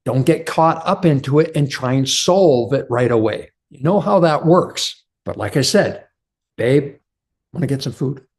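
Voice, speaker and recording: A man's voice: medium pitch, expressive, normal speed, few pauses. A man giving a motivational relationship talk to other men, earnest and direct, calling his listeners brothers. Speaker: men's relationship coach.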